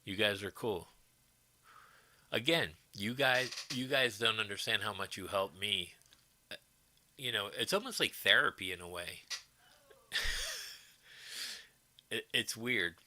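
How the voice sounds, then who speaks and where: A man's voice: fairly low pitch, slow pace, pauses often, bright, forceful tone. A middle-aged man hosting a livestream, chatting casually with his viewers and rambling as he answers their comments. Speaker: livestream host.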